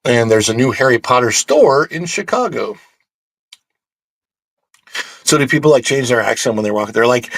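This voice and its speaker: A man hosting a casual theme-park news livestream, animated and joking as he talks to his chat. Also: fairly low pitch, moderate pace, creaky, no echo.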